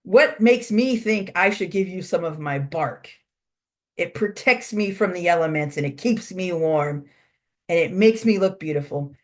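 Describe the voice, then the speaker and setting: A woman's voice: on the low side, lively intonation, unhurried, darkish tone. Woman doing an ancient proud birch tree.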